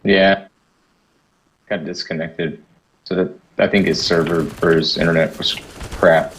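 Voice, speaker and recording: Low-voiced male gamer buddy, brief relaxed answers over voice chat. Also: unhurried, a little hiss or hum, low-quality recording. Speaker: teammate on voice chat. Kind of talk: casual gameplay chat.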